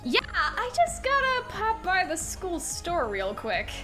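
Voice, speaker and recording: A woman voicing an excitable, nerdy young male inventor, gushing and congratulating himself. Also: extremely high pitch, faint music behind, full character voice. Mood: excited. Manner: rapid, gushing, self-congratulating.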